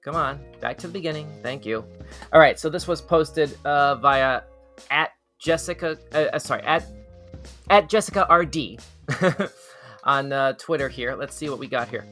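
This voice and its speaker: A man hosting a live weird news reaction show, excitable and laughing, with stumbling restarts. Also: on the high side, normal speed, faint music behind. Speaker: show host.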